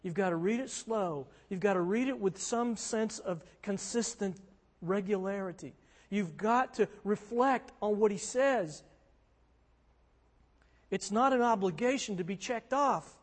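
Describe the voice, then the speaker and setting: A man's voice: high voice, measured pace. A man preaching as a pastor, earnest and conversational, driving points home with emphatic repetition. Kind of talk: sermon. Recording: long hall reverb.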